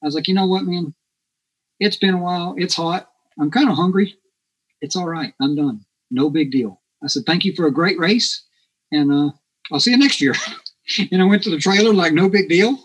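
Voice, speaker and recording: Guy on a podcast spinning a yarn, kinda raspy, higher voice, acts out what everyone said. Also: fairly quick, low-quality recording. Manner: animated, acts out quoted dialogue. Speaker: podcast guest. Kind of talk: casual storytelling.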